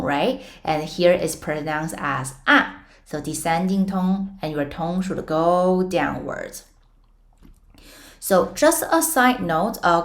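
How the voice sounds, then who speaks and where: A young woman teaching Mandarin pinyin in a casual online lesson, patiently explaining step by step with playful comparisons. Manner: models tones with sudden high sung-out syllables.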